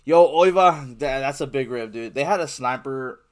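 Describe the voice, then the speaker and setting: A man's voice: mid-range voice, moderate pace. A male livestreamer casually reading viewer chat aloud and answering it while he plays, in a slangy way. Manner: reads viewer chat aloud and answers, slangy, says "bro" and "man" often.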